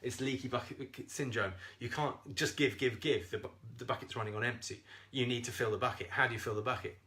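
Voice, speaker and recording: A man coaching viewers on a live stream, animated and talking straight to them, swearing freely and laughing often. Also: medium pitch, fairly quick. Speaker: self-esteem coach.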